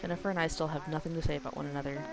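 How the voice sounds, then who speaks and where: A woman's voice: sits low, fairly even intonation, racing, gravelly, music in the background, poor audio. A woman voicing a scheming young man in a game who feigns innocence, reading in a sly, mock-innocent way.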